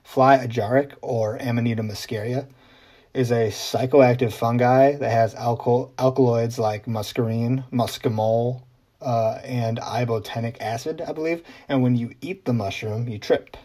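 A man's voice: medium pitch, fairly even intonation, normal speed, warm tone. A man hosting his own explainer vlog, talking in a casual, conversational way with frequent ums and side remarks. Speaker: journalist host.

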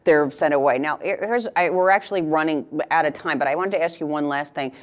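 A woman's voice: low-pitched, fairly quick. A woman interviewing a guest, asking brief, direct follow-up questions.

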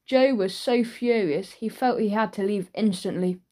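A woman narrating a children's audiobook with lively storytelling. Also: mid-range voice, moderate pace. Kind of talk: scripted narration.

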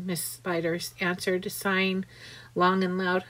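A woman reading a children's book aloud, unhurried and with frequent restarts. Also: on the low side, monotone, a bit bright. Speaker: reader.

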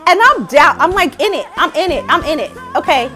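A woman vocal coach talking chattily in a casual vlog, animated and often laughing. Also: high voice, fairly quick, faint music behind.

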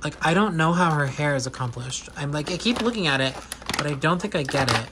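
A man chatting casually and gushing while unboxing a doll, with quick excited asides. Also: fairly high pitch, noisy background. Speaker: doll collector vlogger. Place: indoor room with air conditioner hum.

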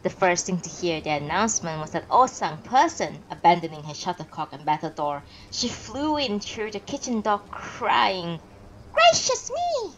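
A woman reading a classic novel aloud on a live stream, expressive with pauses and small self-corrections. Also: lowish voice, poor audio. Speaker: narrator and streamer.

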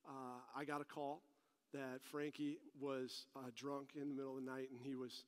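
A man's voice: medium pitch, little pitch movement, normal speed, clean tone. A male pastor delivering a sermon that mixes teaching with personal stories, talking animatedly and pressing his points with rising emphasis. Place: church service. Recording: long reverb of a large hall.

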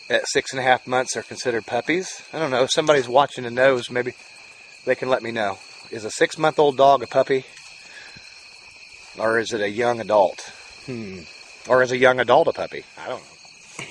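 A man's voice: medium pitch, a little hiss or hum, rough recording. A middle-aged man, rambling casually in a home video while tending his dogs outdoors. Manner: rambling, folksy, coos at the dog. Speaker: family vlogger. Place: outdoors in a rural yard. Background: faint crickets and outdoor ambience.

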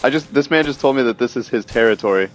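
A young man playing the game alongside the host, answering in a low-key, laid-back way over voice chat. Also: quick pace, soft background music, rough recording.

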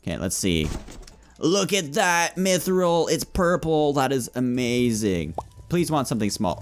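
A man's voice: mid-range voice, sing-song, moderate pace, soft background music. A young man giving playful let's play commentary, chatting with game customers like a shopkeeper. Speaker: gaming YouTuber.

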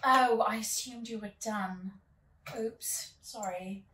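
An actress playing a haughty grown daughter who puts on an affected English accent and talks down to people with cutting remarks. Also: female voice, mid-range voice, slow pace, sharp tone, reverberant, recorded from a distance, slight background noise. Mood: prickly, condescending. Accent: put-on English accent. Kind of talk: stage drama acting.

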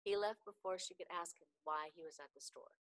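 Book club storyteller, woman, clear and careful read-aloud. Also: fairly low pitch, fairly quick, rough recording.

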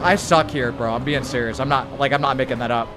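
A man's voice: mid-range voice, background noise. A man hurriedly commenting on a live racing game stream and chatting with his viewers. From United States. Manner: hurried, excitable, chats with viewers.

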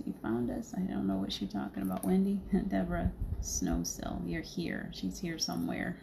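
A woman's voice: on the low side, vocal fry, mellow, a little hiss or hum. A woman hosting a casual livestream as a spiritual medium, chatting in a rambling way and laughing often.

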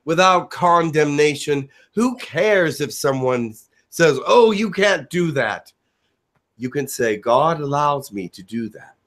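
A man channeling spirit Elijah, slow preaching. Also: on the high side. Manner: slow, preaching cadence with dramatic pauses. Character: Elijah, a male spirit giving a solemn message.

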